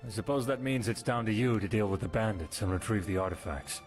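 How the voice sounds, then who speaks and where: A dutiful captain of the guard from a fantasy video game, voiced by a man, with a fairly low voice. He talks briskly and matter-of-factly, with faint game music underneath. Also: natural voice.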